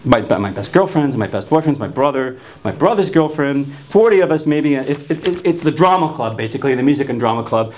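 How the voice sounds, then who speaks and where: A man's voice: medium pitch, lively intonation, a little fast, few pauses, darkish tone. A man in his fifties from New Jersey telling a personal story wryly, with frequent stuttered restarts. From New Jersey, USA.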